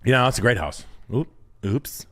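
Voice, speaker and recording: Animated, laughing man telling stories. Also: normal speed, no echo, studio quality, faint music behind. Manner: animated, laughing, slips into silly high impressions. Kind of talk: casual storytelling chat.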